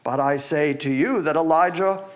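A middle-aged man preaching a sermon and reading Bible passages aloud, animated and acting out the people in the story. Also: a little high, moderate pace. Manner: animated, acts out the disciples. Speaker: pastor.

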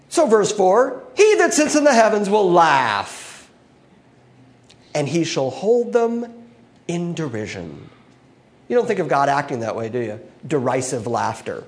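A man teaching a Bible passage as a sermon, expressive, swinging between loud emphasis and hushed asides. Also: fairly high pitch, measured pace.

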